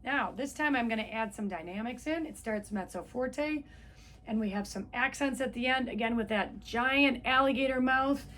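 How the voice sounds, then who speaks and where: A woman's voice: fairly high pitch, moderate pace, fairly bright tone, a little hiss or hum. A woman music teacher giving a patient, step-by-step trumpet lesson, counting beats aloud. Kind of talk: instrument lesson video.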